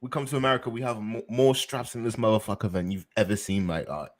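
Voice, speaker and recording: A man's voice: fairly low pitch, fairly even intonation, quick pace, natural voice. A young man putting on a London accent to play a swaggering street tough, full of slang and mock threats. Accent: put-on London. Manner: slangy, jokey bravado. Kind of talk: casual podcast banter.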